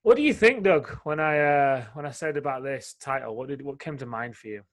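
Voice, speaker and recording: A man's voice: mid-range voice, a little fast. A man co-hosting a casual podcast conversation, talking through his own past struggles in a reflective, open way. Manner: reflective, openly shares personal struggles. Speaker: podcast co-host.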